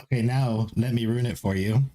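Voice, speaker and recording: A man's voice: medium pitch, fairly even intonation, fairly quick, dark tone, faint music behind. A man chatting casually on a live stream, rambling, laughing often and swearing as he mocks himself, a little tipsy.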